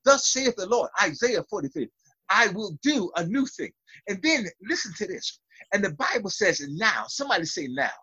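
A man's voice: high voice, big pitch swings, normal speed, sharp tone, slightly rough, dry recording, lo-fi sound. A man preaching a fervent sermon over a video call, building to call-and-response. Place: small room.

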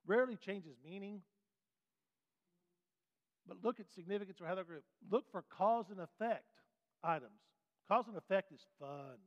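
A man teaching a Bible class in a folksy, animated way, putting questions to the class. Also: high-pitched. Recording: dull sound with long hall reverb.

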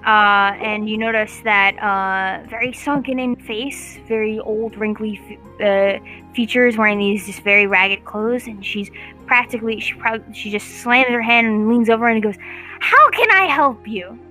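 A woman's voice: mid-range voice, fairly even intonation, normal speed, bright, forceful tone, faint music behind. A woman running a tabletop game as game master, narrating in a rambling way with many likes and uhs.

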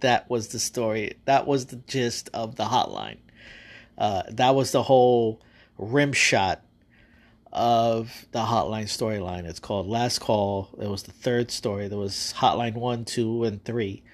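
A man's voice: fairly low pitch, unhurried. A man hosting a podcast, casually recapping his own stories in a loose, rambling way with frequent fillers and swearing. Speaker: podcast host. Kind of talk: casual storytelling monologue.

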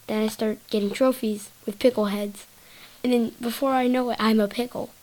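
A woman's voice: fairly high pitch, steady tone, moderate pace, a little mellow, poor audio. A woman hosting a solo podcast, rambling in a silly, giggly way and jumping from topic to topic. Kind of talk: rambling casual monologue.

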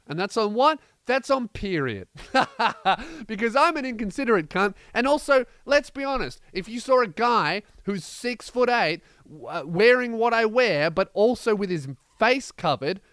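Brash, profane man, smooth voice. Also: high voice, no room sound. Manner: brash, profane, animated with mocking asides. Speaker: podcast host. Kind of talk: comedic storytelling monologue.

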